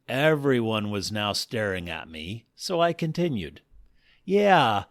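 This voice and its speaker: A man telling a comic first-person story in a wry, deadpan manner. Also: lowish voice, a little slow, no room sound, clean studio sound. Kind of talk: scripted comic narration.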